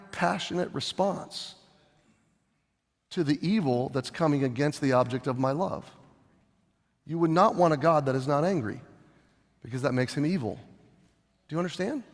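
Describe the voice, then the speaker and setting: High-voiced preacher guy, lively, acts stuff out, big reverby church sound. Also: normal speed, long pauses. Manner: animated preaching, acts out scenes, shifts loud and soft. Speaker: pastor. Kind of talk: sermon. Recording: long hall reverb.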